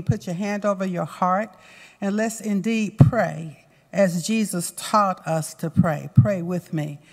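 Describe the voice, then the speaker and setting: Southern woman, slow, measured prayer leader, reverberant hall. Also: medium pitch. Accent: Southern American. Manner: slow, deliberate, resonant recitation. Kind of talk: leading the Lord's Prayer.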